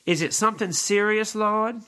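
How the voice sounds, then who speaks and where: Man voicing a worried, pleading male angel in a stage play, high and bright. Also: normal speed. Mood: anxious.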